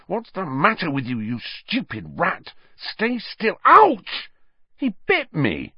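A man's voice: on the high side, big pitch swings, measured pace, husky, dry recording, dull audio, pitched above the performer's own voice, full character voice. A man doing a frantic teenage boy. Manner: frantic, hissing, shouting.

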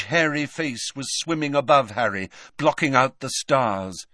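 Expressive, bright-voiced male narrator. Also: mid-range voice, unhurried, few pauses, dry recording, studio quality. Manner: expressive storytelling. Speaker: audiobook narrator. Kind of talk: scripted narration.

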